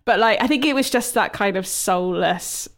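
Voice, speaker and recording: A woman's voice: mid-range voice, moderate pace. A woman comedy writer chatting as a podcast guest, self-deprecating and chatty. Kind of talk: casual chat.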